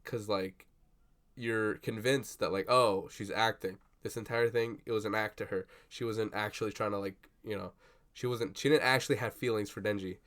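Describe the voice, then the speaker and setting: A young man chatting casually at his desk about a film he just saw, rambling and swearing with lots of fillers and excited bursts. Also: on the low side, moderate pace. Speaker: vlogger. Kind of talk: casual movie reaction chat. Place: at a desk indoors. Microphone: computer webcam.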